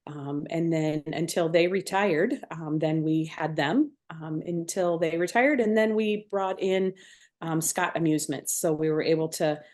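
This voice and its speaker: Woman guest, lower pitch, easygoing and friendly. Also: measured pace. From Iowa. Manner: friendly, relaxed, frequent fillers and laughs. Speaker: fair manager guest. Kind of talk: casual interview chat.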